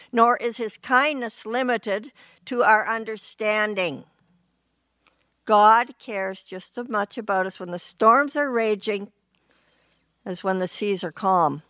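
A woman preaching a sermon in an earnest, unhurried way, often clearing her throat. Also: on the high side, bright, forceful tone, no echo.

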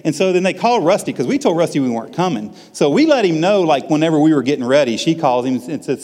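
A man's voice: a little high, animated, fast, few pauses, a little mellow, in a large hall. Man telling a folksy church testimony. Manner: folksy, self-deprecating storyteller acting out quotes. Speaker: church member giving testimony. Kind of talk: personal testimony storytelling.

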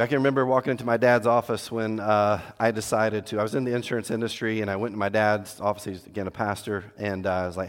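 A middle-aged man preaching an earnest sermon to fathers, swinging between loud emphasis and hushed, tender lines. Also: lowish voice, little pitch movement, fast talker, hardly any pauses. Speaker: pastor. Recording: long hall reverb.

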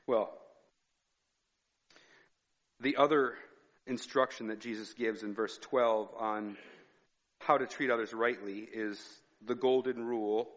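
A man's voice: mid-range voice, fairly even intonation, slow pace, long pauses. A male pastor giving a conversational sermon, weaving personal stories into his teaching. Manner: conversational preaching with personal anecdotes. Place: church sanctuary. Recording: reverberant hall, dull sound.

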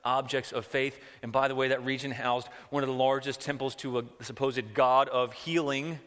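A man preaching a sermon in an animated way, asking rhetorical questions and often repeating words. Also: medium pitch, moderate pace, clean tone. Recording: long hall reverb.

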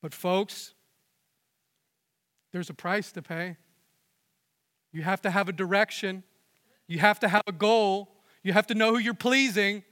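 A young adult man preaching a sermon in earnest, pushing up for emphasis and dropping to hushed tones. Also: high voice, steady tone, a little slow, long pauses, clear, resonant tone. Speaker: pastor. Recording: long hall reverb.

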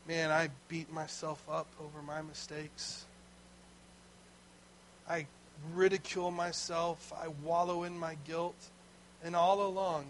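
A man's voice: on the high side, slight background noise, rough recording. A man preaching a sermon as pastor, telling a story in a conversational way with asides to the congregation.

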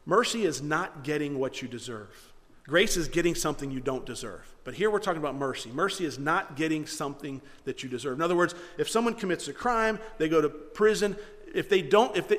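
A man's voice: fairly high pitch, big-room sound. A man preaching a sermon as pastor, earnest and direct, sometimes acting out the voices he quotes.

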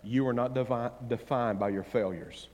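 With a long reverb tail trailing his words, a male preacher speaks at medium pitch and a moderate pace. His sermon alternates between fervent, loud proclamations and soft, gentle advice, with playful remarks aimed at the congregation.

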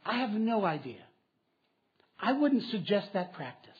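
A man's voice: high-pitched, very animated, unhurried, slightly rough, highs cut off. A man preaching a sermon as pastor, asking questions aloud and repeating key phrases for emphasis.

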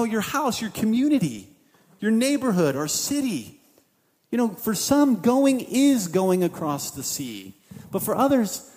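Man, pastor, sermon, high voice, conversational preaching, long hall reverb. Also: darkish tone. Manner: conversational preaching, acting out the disciples' thoughts.

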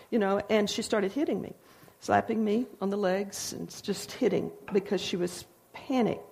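Older woman, devotional speaker, folksy storytelling, gravelly voice. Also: mid-range voice, normal speed, a little mellow, a little hiss or hum. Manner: folksy storytelling with frequent asides. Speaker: speaker sharing testimony. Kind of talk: informal devotional talk.

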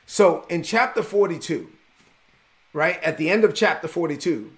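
A man preaching a conversational sermon in a folksy, animated way and speaking straight to his listeners. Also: a little high, moderate pace.

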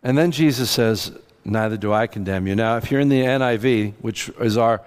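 A middle-aged male pastor delivers a sermon in an easy, conversational manner, slipping into lively quoted voices for the people in the scripture. His words carry a long reverb from the large sanctuary around him. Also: fairly low pitch, moderate pace, clear, resonant tone. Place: church sanctuary.

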